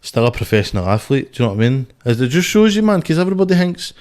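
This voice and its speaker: A man's voice: medium pitch, very animated, rapid-fire, darkish tone. A Scottish man in his twenties, a boxer and podcast guest, telling rambling stories full of swearing. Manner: swears constantly, rambling storyteller. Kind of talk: casual podcast chat.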